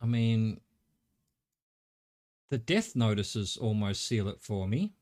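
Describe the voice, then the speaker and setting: A man's voice: on the low side, lively intonation, slow, a little mellow. A middle-aged Australian man streaming a game, thinking aloud in a rambling way and swearing casually. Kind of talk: live gameplay commentary.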